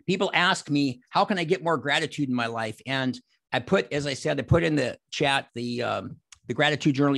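A man in his sixties giving an energetic motivational talk on a video call, acting out the exchanges he describes. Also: medium pitch, gravelly, husky, dry recording. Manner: animated, acts out quoted exchanges. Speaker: motivational speaker.

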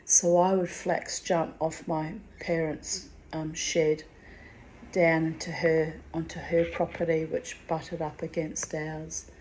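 A woman's voice: sits low, level tone, takes it slowly, a little mellow, a little hiss or hum. A middle-aged woman speaking in a personal vlog monologue, bitter and confiding, with blunt swearing. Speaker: vlogger.

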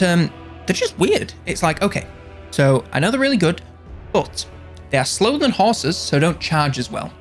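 Rambling, jokey man with a higher voice. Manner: rambling, jokey, self-correcting. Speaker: video game commentator. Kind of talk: casual commentary.

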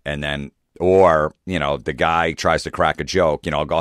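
Very deep-voiced, profane comedian ranting. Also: male voice, steady tone, brisk, few pauses, fairly bright tone, no room sound, clean studio sound. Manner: profane, ranting, acts out hecklers in mocking voices. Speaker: comedian and podcast host. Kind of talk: casual podcast monologue.

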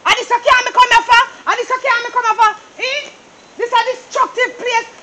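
A woman's voice: very high voice, level tone, fairly quick, very noisy. A woman with a Jamaican accent playing a woman who insists, over and over, on leaving a plot of land she fears, in a comedy stage play. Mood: angry. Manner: insistent, repeating herself, agitated.

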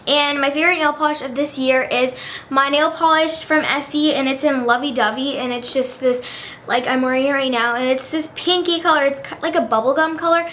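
A woman's voice: high-pitched, a bit bright, slight background noise. A teenage girl chatting in a bubbly way about her favorite beauty products, full of fillers. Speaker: beauty vlogger. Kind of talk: casual chat.

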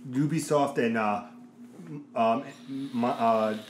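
A man's voice: mid-range voice, takes it slowly. Rambling man in an echoey room. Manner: rambling, searching for words. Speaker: podcast co-host. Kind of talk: casual chat. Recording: echoey room, faint noise.

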